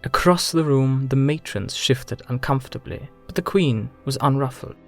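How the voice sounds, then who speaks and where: A man giving measured, grave audiobook narration of a dark fantasy story. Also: medium pitch. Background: soft music.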